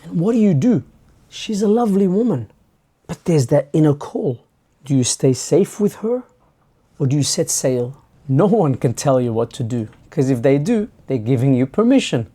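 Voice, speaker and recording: A man's voice: fairly high pitch, very animated, moderate pace, warm tone, husky. A man hosting his channel, talking through a reflective monologue and acting out imagined exchanges in a conversational way. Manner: acts out imagined dialogue in a conversational way. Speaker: channel host.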